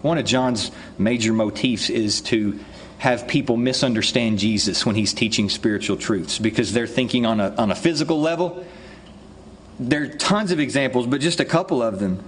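A man's voice: medium pitch, moderate pace, a little hiss or hum. A man preaching an expository sermon as pastor, conversational and full of rhetorical questions.

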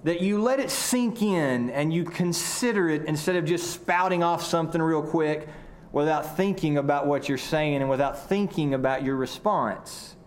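A man from Arkansas with a Southern drawl, preaching a sermon earnestly, often repeating words and slowing down for emphasis. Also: a little high. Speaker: pastor.

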